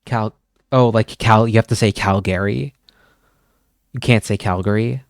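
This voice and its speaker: A man's voice: on the low side, measured pace, vocal fry, dry recording, studio quality. A man streaming, chatting casually with his viewers, rambling and swearing as he goes. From Canada. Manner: rambling, swears often, chuckles.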